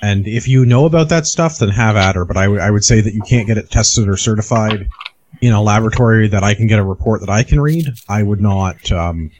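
A man co-hosting a podcast, explaining body armor testing in a measured way with dry humor. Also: fairly low pitch, darkish tone, slight background noise. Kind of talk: casual podcast chat.

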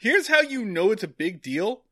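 A man co-hosting a podcast, giving a casual episode recap with wry, deadpan, profane humor. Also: high-pitched, normal speed, dry recording. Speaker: podcast co-host.

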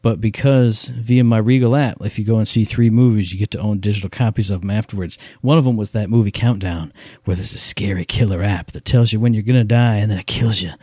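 A man's voice: mid-range voice, no echo, studio quality. A man co-hosting a casual podcast, telling stories in an enthusiastic, rambling way. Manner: enthusiastic, rambling, animated storytelling. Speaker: podcast co-host. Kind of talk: casual chat.

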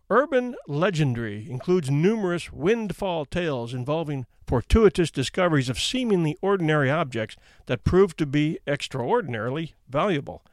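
A man's voice: on the high side, sing-song, moderate pace, few pauses, dry recording. Male podcast narrator, wry and chatty, dry close mic. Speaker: podcast host. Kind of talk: storytelling narration.

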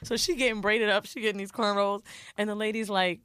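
A woman co-hosting a podcast, telling a long reality-show story in a profane, animated, casual way. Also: medium pitch, a little fast, clean tone, no echo. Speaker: podcast co-host.

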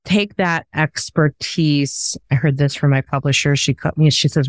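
A woman's voice: low-pitched, fairly even intonation, normal speed, no room sound. A woman hosting a podcast in casual conversation, talking in an emphatic, coaching way. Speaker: podcast host.

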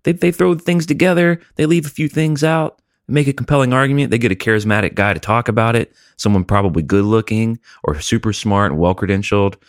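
A man's voice: lowish voice, a little fast, hardly any pauses, dry recording, clean studio sound. A man co-hosting a podcast, wry and rambling, with mock-grand phrasing. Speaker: podcast co-host. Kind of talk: casual comedic podcast banter.

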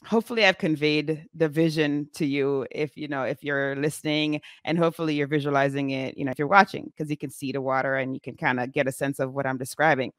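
A woman in her forties speaks in a lowish voice, chatty and animated as she tells a story to her viewers. She leans on lots of fillers. The sound is dry and close, with no echo. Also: fast talker, hardly any pauses. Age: 40s. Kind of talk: casual storytelling vlog.

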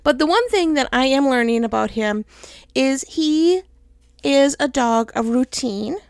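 A woman's voice: sits high, lively intonation, unhurried, creaky, clean tone, no room sound. A middle-aged woman hosting her own podcast, chatting casually and laughing often into a close mic. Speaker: podcast host. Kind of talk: casual solo podcast chat.

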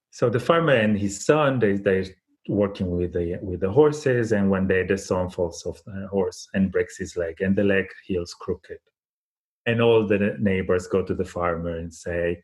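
Deep-voiced man telling a parable. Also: normal speed, darkish tone. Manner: thoughtful, many restarts and fillers. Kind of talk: reflective conversational storytelling.

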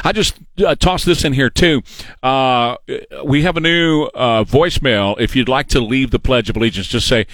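A man's voice: medium pitch, a little fast, fairly bright tone, no room sound. A man hosting a talk radio news show, reading stories and giving sarcastic, opinionated commentary. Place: radio studio. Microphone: studio microphone.

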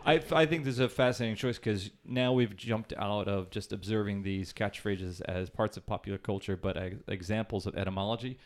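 A man's voice: on the low side, fairly quick, hardly any pauses. Eager man in casual podcast chat.

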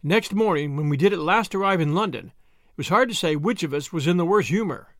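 Man narrating, animated pitch, slightly high, measured. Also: no room sound, studio quality. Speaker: audiobook narrator. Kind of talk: scripted narration.

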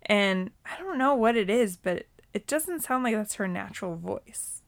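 A woman's voice: medium pitch, animated, moderate pace, vocal fry. A woman in her thirties co-hosting a podcast, chatting casually with lots of fillers. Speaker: podcast co-host. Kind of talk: casual chat.

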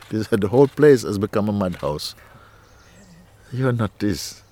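A male spiritual teacher speaking to a listener in a gentle, playful way, laughing often and using nonstandard English grammar. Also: fairly low pitch, expressive, slow, slight background noise. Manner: gentle, playful, laughs often, repeats "you see" and "huh".

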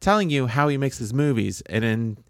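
A man co-hosting a podcast, rambling and joking in a loose, blunt way, with frequent restarts. His voice sits in a middle pitch. The sound is dry and close. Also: lively intonation, fairly quick, no echo. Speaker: podcast co-host. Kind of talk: casual chat.

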